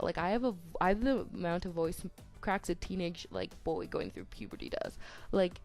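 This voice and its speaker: A teenage girl chatting over a game build, soft-spoken and tongue-tied, with voice cracks and constant "like"s. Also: fairly low pitch, huge pitch swings, moderate pace, faint music behind. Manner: chatty, self-deprecating, lots of "like", tongue-tied restarts. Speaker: YouTuber. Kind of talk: rambling voice-over chat during a speed build. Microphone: home desk microphone.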